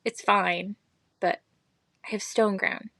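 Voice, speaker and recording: A woman in her thirties, co-hosting a podcast in relaxed, chatty talk. She drops dry little quips and laughs easily. Her voice is mid-pitched and dry, close to the mic. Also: slow, creaky, no echo. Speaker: podcast co-host. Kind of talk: casual podcast chat.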